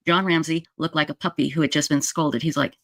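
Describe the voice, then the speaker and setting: A woman telling viewers a true crime story in a casual, animated way, jumping up in pitch for emphasis and checking in with "okay?". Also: fairly quick, no echo. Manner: addresses viewers directly with frequent "okay?". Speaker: true crime video commentator.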